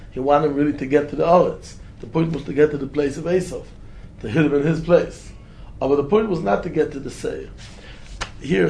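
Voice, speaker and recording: Teaching Torah, this rabbi chants the verses he cites in a sing-song and pushes his pitch upward for emphasis. His voice has a touch of vocal fry and a slightly mellow quality.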